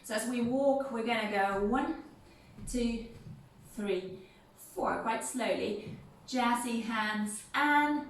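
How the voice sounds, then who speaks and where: A slightly high-voiced woman guides a seated movement class at an unhurried pace, counting out steps and chanting rhythm syllables. Her voice sounds distant from the mic in a very echoey room, with faint music underneath. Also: very noisy. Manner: gentle, counts beats and sings rhythm syllables.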